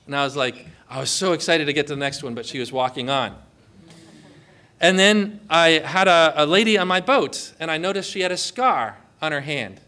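A man's voice: a little high, lively intonation, normal speed, pushed and bright. A man from Connecticut preaching on evangelism, asking many rhetorical questions and telling personal stories. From Connecticut, USA.

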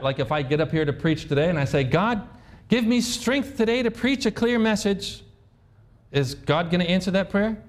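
A male pastor preaching a conversational sermon, asking the congregation questions and acting out sample prayers. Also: a little high. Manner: acts out sample prayers in his own voice.

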